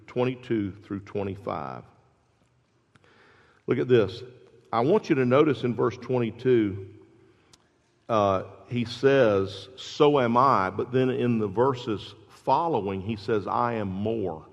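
A pastor preaching a sermon, building to loud, emphatic exclamations. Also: male voice, mid-range voice, slow, gravelly. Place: church sanctuary. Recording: dull sound with long hall reverb.

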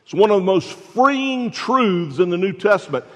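A pastor with a high-sitting voice and lively intonation delivers a sermon at a moderate pace in a church sanctuary. He asks rhetorical questions and swings from loud to hushed, and the large hall adds long reverb.

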